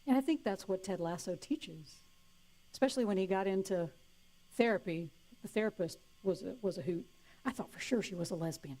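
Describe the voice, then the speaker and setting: A woman minister giving a playful, warm sermon, laughing easily. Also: fairly low pitch, lively intonation, moderate pace.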